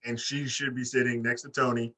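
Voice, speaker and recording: A man's voice: medium pitch, a little fast, far from the mic, poor audio. A man co-hosting a casual wrestling podcast, talking animatedly and swearing freely. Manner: animated, swearing, mimics wrestlers in put-on voices. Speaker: podcast co-host. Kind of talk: casual chat.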